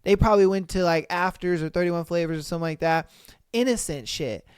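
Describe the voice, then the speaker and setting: Man, podcast host, casual slangy reactions, exclaiming, smooth clear voice, dry close sound. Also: sits high, brisk, dry recording. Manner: exclaiming, slangy, calls listeners bro.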